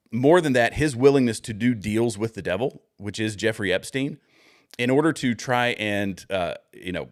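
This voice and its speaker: A man's voice: lowish voice, no room sound, studio quality. A man giving casual, rambling political commentary on a livestream, thinking aloud with many fillers and restarts as he searches for posts.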